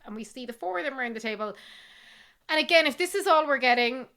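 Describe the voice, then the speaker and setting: A woman with a high, bright, forceful voice hosts a chatty podcast. She recaps scenes animatedly, mimics the characters and swears freely. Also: quick pace. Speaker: podcast host. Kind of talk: casual chat.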